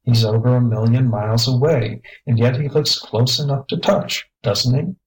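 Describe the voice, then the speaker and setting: A man's voice: medium pitch, normal speed, close to an everyday voice, low-quality recording. A man reading the part of a kind father explaining things to his children. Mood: warm.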